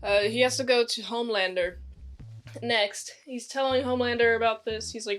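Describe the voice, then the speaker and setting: A woman's voice: fairly high pitch, fairly even intonation, normal speed, fairly bright tone. A woman casually recapping a TV episode in a rambling, chatty way, acting out the characters' lines as she goes. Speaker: series reviewer.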